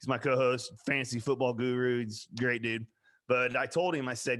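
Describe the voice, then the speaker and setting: A Midwestern man co-hosting a casual podcast. His voice is bright and forceful, and he tells rowdy stories with frequent laughter and cursing. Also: mid-range voice, fairly even intonation, fairly quick. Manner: loud, laughing storyteller, swears freely. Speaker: podcast co-host. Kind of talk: casual chat.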